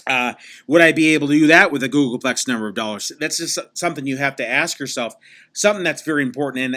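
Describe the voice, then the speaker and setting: Guy playing a full-of-himself podcast guest, bright tense voice, rambles on and on. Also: mid-range voice, close to an everyday voice. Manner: rambling, repeats himself, many restarts. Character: rambling self-important male podcast guest, adult. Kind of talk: comedic improvised interview.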